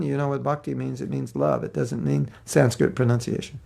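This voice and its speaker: A man's voice: medium pitch, moderate pace, gravelly, darkish tone. A man giving a devotional class, telling stories and acting out the voices of the people in them. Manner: storytelling, acting out quoted voices. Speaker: spiritual teacher. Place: class setting.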